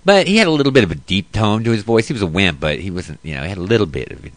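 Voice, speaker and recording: A man's voice: lowish voice, lively intonation, rapid-fire, dry recording. A man hosting a casual commentary show who reads news aloud and then rants about it, profane and blunt. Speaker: host.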